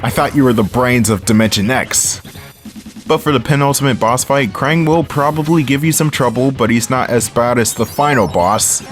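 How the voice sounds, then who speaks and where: A man's voice: medium pitch, moderate pace, faint music behind. A man giving casual, sarcastic gameplay commentary, often laughing at his own jokes. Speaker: let's play commentator.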